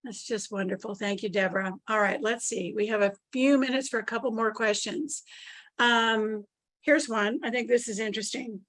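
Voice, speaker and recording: She is an upbeat woman hosting an online parenting seminar. She reads out audience questions and thanks her guest in a fairly high, encouraging voice. The dry, close sound of her video call has almost no room. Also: moderate pace, a bit bright, no room sound. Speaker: webinar host. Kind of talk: moderating live Q&A.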